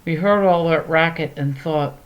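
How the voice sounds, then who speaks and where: A woman's voice: sits low, moderate pace, dull audio, close to an everyday voice. A woman voicing a nosy neighbor lady who pries and turns huffy. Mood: prying. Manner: prying, huffy.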